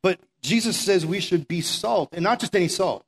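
Man, high-pitched voice, casual sermon, conversational, slows to stress words. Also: husky. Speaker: preacher.

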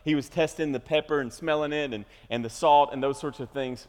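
A man preaching a sermon as pastor, building to loud, emphatic stressed phrases. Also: on the high side, fairly quick, hardly any pauses. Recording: reverberant church hall.

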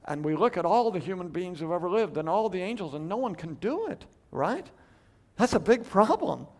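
A man teaching a Bible study lecture, emphatic, moving between loud stresses and hushed asides, asking rhetorical questions and restarting his phrases as he thinks aloud. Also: high-pitched, very animated, normal speed.

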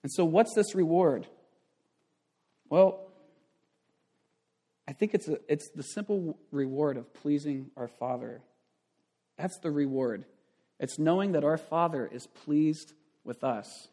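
A man's voice: fairly high pitch, slow pace, pauses often, warm tone. A man in his thirties, a pastor giving a conversational sermon with frequent asides and restarts.

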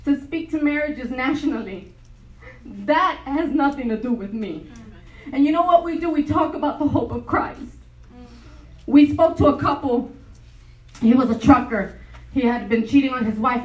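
A woman's voice: high-pitched, roomy sound, distant mic, low-quality recording. A woman giving a sermon at a retreat, telling stories with animation and frequent laughter. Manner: animated storytelling, laughing often. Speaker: retreat speaker. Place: large hall.

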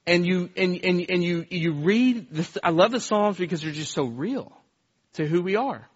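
A man's voice: sits high, expressive, moderate pace, breathy edge, dull audio. Earnest man preaching, stumbling over restarts. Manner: earnest storytelling, stammering restarts and repeated words. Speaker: pastor. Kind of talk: conversational sermon.

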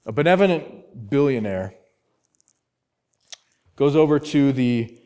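Lively, emphatic male preacher. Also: medium pitch, slow pace, clear, resonant tone. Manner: emphatic, repeats key words, rhetorical questions. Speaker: pastor. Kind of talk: expository sermon.

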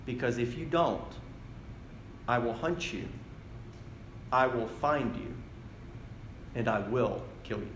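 A man playing a calm, menacing former commando father who speaks low and quietly to kidnappers. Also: slow pace, long pauses, reverberant, a little hiss or hum, rough recording.

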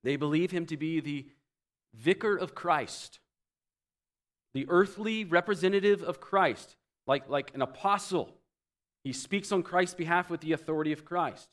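Male pastor, slightly high voice, teaching sermon with wide dynamic swings. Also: a little slow. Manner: explanatory, with wide swings between loud emphasis and quiet low asides.

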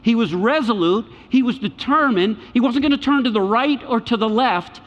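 A male pastor preaches with emphasis, repeating his key lines and dropping to a hush before rising again. His voice sits high for a man. Long reverb trails each phrase, and the sound is dull. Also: normal speed. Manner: emphatic, repeats key phrases, swings between loud and hushed. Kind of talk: sermon.

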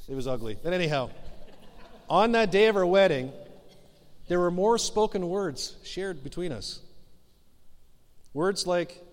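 A middle-aged married man, a pastor giving a conversational sermon, joking at himself and then pressing his point with urging. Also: a little high. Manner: conversational, self-deprecating, rises to emphatic exhortation. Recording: long reverb of a large hall.

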